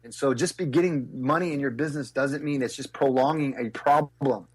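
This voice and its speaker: A man's voice: brisk, breathy edge. A middle-aged man telling stories as an interview guest, acting out quotes with big jumps in his voice. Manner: lively, acts out quotes with big pitch jumps. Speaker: guest speaker and business coach. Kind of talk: animated storytelling interview.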